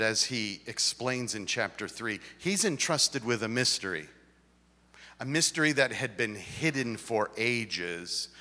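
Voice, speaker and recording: A man preaching a sermon in a church, his delivery swinging from loud emphasis to a near-whisper. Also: mid-range voice. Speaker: pastor. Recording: reverberant hall.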